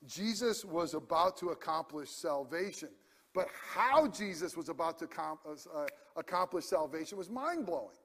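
A pastor with a high voice delivers a passionate, emphatic sermon in a casual, conversational way. His words trail off into the long reverb of a large hall. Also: animated, normal speed, a bit bright, husky.

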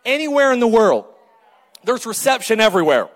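Joking high-voiced male pastor. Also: fairly quick, big-room sound. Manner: animated, joking, calls for crowd response. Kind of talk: sermon.

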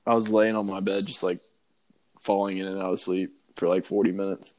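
A young man as a podcast guest, chatting casually in a dry, deadpan, teasing way. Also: deep voice, a little fast, low-quality recording. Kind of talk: casual chat. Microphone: phone call.

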